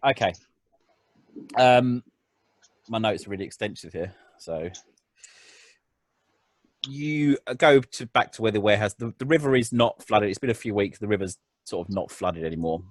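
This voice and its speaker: A man's voice: on the low side, normal speed, long pauses, no echo. A man narrating as game master of a tabletop game, in a rambling way full of ums and restarts.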